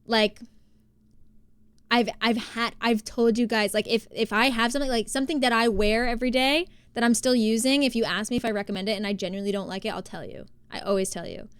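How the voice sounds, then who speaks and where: A woman's voice: fairly high pitch, steady tone, brisk, clean tone, no room sound. Chatty young woman livestreamer. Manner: rambling, chatty, many fillers and restarts. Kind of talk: casual live-stream chat.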